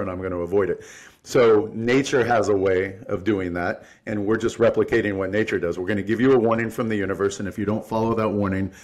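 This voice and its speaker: A man hosting a casual podcast interview, explaining with analogies and frank, profane talk. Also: fairly low pitch. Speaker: podcast host.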